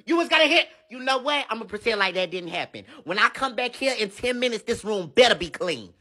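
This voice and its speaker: A shrill, scolding mother who barks orders and threatens her son, her voice jumping high and bright, as a man puts her on. The line delivery is loud and sharp. It plays like a sitcom sketch. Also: lively intonation, brisk, heavily acted.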